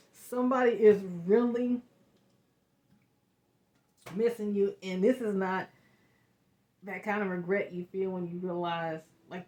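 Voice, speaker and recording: A woman giving an emotional tarot reading, talking in halting, searching bursts with repeated words. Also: on the low side, a little mellow, dull audio. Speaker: tarot reader. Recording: echoey room.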